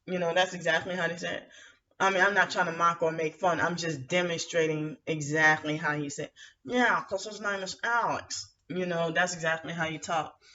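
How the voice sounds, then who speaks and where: Woman ranting and venting, lots of um and you know, sharp bright voice, mic kinda far off. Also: fairly low pitch, flat delivery, brisk. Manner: rambling, with frequent fillers and restarts; aggrieved, indignant. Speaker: vlogger. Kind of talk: venting monologue to camera. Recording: muffled lo-fi audio from some distance to the mic.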